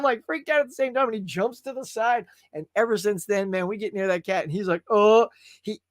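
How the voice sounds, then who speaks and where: A man's voice: high voice, no room sound, clean studio sound. A man hosting a casual live stream, chatting loosely, laughing and reading viewer comments aloud. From California. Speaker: host.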